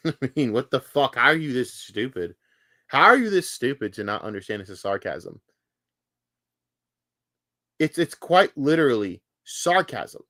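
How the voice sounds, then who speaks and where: With a sing-song, pushed, bright mid-range voice, a man delivers a profane live-stream rant at a measured pace, pausing often. When worked up, his heated tirade turns to repeated words. The recording is studio quality without echo.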